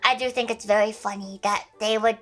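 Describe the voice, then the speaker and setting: A woman's voice: medium pitch, fairly even intonation, fairly quick, soft background music, low-quality recording. A young woman livestreaming, chatting casually with viewers in a rambling, giggly way with plenty of swearing. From Australia.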